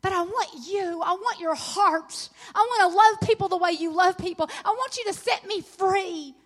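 At a women's conference, a middle-aged woman preaches at normal speed in an extremely high pitch. The sermon is earnest and encouraging, surging into excited emphasis over passages of scripture.

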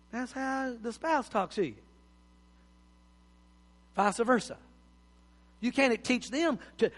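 A man's voice: very high-pitched, fairly bright tone. A man, preaching a folksy sermon as pastor and often repeating words for emphasis. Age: 50s. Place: church sanctuary. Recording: long church hall reverb.

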